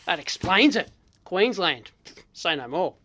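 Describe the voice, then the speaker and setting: An Australian woman hosting an electronics vlog, giving blunt, excitable, unscripted commentary with frequent exclamations and fillers. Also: on the low side, measured pace, slight background noise. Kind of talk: casual unscripted teardown commentary.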